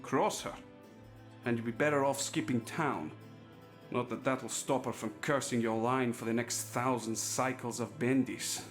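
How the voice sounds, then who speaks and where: An earnest young son from a video game talks about his family in a measured, plain way, voiced by a male actor. His voice is mid-pitched and even. Faint game music sits behind him. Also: lightly acted. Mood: wry.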